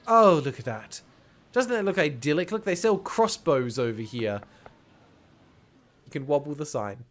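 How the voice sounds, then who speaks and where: A man's voice: a little high, sing-song, moderate pace. A young man commentating a story game, reading its text aloud with playful, wry asides. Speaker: gaming streamer.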